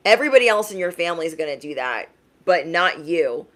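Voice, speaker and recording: A young adult woman giving a casual livestream tarot reading in a frank, emphatic way, often tagging her points with a quick question. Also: on the low side, expressive, fairly bright tone. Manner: emphatic, frank, tags lines with "okay?". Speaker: tarot reader.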